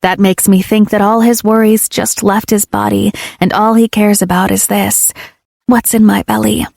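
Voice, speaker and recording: Brief: woman audiobook narrator, mid-pitched, intimate delivery, dry close recording. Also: flat delivery, normal speed, vocal fry, darkish tone, no room sound. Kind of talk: first-person audiobook narration.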